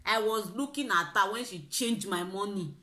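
Bright-voiced Nigerian woman telling a story. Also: mid-range voice, moderate pace, roomy sound. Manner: animated storytelling, mixing pidgin and laughter. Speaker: vlogger. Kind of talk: story time vlog. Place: in a car.

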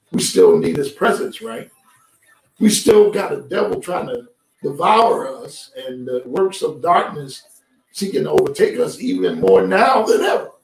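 In a church sanctuary, a male pastor delivers a streamed sermon, chatting with the congregation and calling for responses. His voice is fairly high-pitched yet gravelly, with a darkish tone. The sound is distant and roomy, with faint music underneath.

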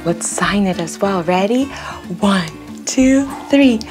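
A woman hosting a toddler learning video, speaking in a slow, clear, sing-song way with exaggerated expression. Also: mid-range voice, animated, darkish tone, faint music behind. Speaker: children's video host. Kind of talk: toddler learning video with songs and pretend play.

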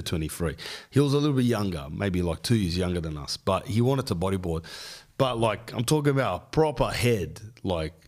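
An Australian man hosting a podcast, telling a rambling, slang-filled story in casual chat. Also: on the low side. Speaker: podcast host.

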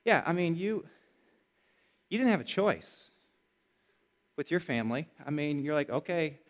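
A middle-aged man from Michigan, a pastor preaching a sermon in a conversational storytelling way that builds to energetic emphasis. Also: on the high side, a little slow.

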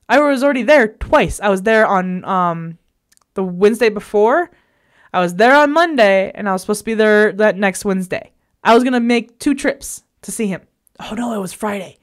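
A woman vlogger telling a personal story in an emphatic, exasperated way, recorded in a bedroom at home. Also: mid-range voice.

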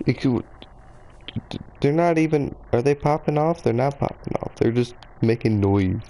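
A man's voice: mid-range voice, animated, normal speed, warm tone, low-quality recording. A man streaming a game live, chatting in a rambling, self-deprecating way to a few viewers.

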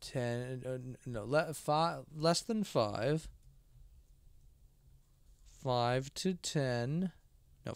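A live horror game streamer talks casually, rambling to chat and to himself between sleepy yawns. His medium-pitched voice is clear and resonant, in a dry recording.

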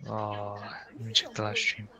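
A man chatting casually on a livestream, quiet and hesitant with plenty of fillers. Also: fairly low pitch, monotone, normal speed, a crowd in the background. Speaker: stream co-host.

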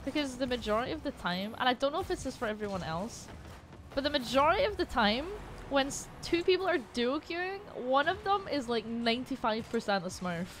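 A young woman commentating her own gameplay, excitable and sweary, often yelling at her teammates. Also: high-pitched, brisk, a little hiss or hum. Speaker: gaming streamer.

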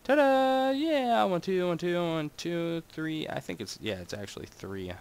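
A young man narrating his gameplay in a loose, rambling way. His pitch swings widely, from low mutters up to sudden high yelps, and he keeps talking straight to his viewers. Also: huge pitch swings, moderate pace, smooth. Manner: rambling and chatty, talks to his audience, jumps between wild highs and mutters. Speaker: Minecraft gaming channel host. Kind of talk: casual gameplay commentary.

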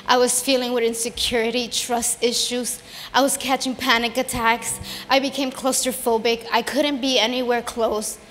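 High-voiced woman giving an earnest church testimony. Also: a little hiss or hum. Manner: earnest and emotional, rising into fervent preaching. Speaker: testimony speaker at a church service. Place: church sanctuary. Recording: long hall reverb with soft music behind.

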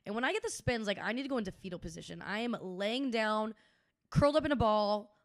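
A woman's voice: mid-range voice, fast talker. A young woman in her twenties co-hosting a podcast, telling stories in a chatty, casual way with plenty of swearing. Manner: chatty storyteller, swears freely, acts out quotes. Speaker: podcast co-host. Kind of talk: casual chat.

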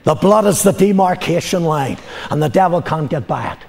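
An older man preaches in a church hall with a long, ringing reverb. His voice sits a little high for a man. He tells a story from the pulpit, swinging from loud proclamations to quiet, confiding lines. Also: lively intonation, normal speed, vocal fry. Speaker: pastor. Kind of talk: sermon.

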